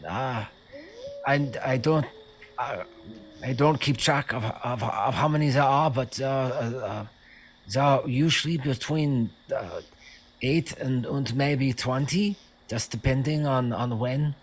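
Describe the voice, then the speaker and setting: A man's voice: medium pitch, a little slow, husky, pitched above the performer's own voice. A man voicing a nervous captured cultist guard who stammers and hedges every answer in a tabletop game. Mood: nervous, evasive. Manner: stammering, hesitant, evasive. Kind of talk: tabletop role-play voice.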